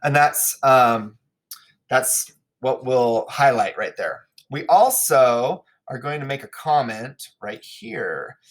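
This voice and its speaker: A man's voice: mid-range voice, expressive, slow pace. A man teaching a recorded lesson, explaining the play casually with fillers and frequent check-ins.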